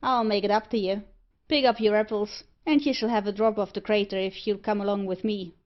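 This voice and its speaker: A woman's voice: medium pitch, fairly even intonation, fairly quick, highs cut off, natural voice. A woman reading aloud, voicing a good-natured Irish laboring man with an Irish accent. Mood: placating. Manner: hearty, placating.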